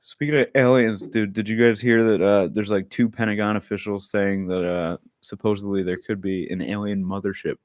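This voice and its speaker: A man with a fairly low voice talks loosely on a podcast, tripping over words as he reads something out. The sound is dry and close, with no room around it. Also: steady tone, moderate pace, hardly any pauses, darkish tone, no echo. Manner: loose, stumbling over words while reading news. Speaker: podcast co-host. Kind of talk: casual chat.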